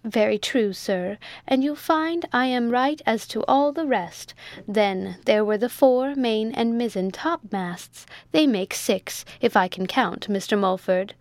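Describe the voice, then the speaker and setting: A woman's voice: a little high, lively intonation, a little slow, no room sound. A woman reading a story aloud, voicing a chatty, proud, weak-minded elderly widow in a prim, earnest, rambling way.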